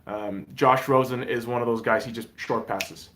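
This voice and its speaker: Give me a man hosting a sports podcast, cursing a lot, with a bright, sharp voice that swings from muttering to shouting. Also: mid-range voice, normal speed. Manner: profane, swings between mumbling asides and loud excited outbursts. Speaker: podcast host. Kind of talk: casual sports rant.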